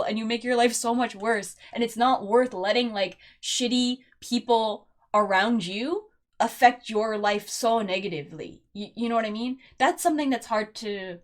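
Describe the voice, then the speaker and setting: A woman hosts a let's play with casual, animated commentary. She talks in a chatty way with lots of fillers. Her voice sits somewhat high.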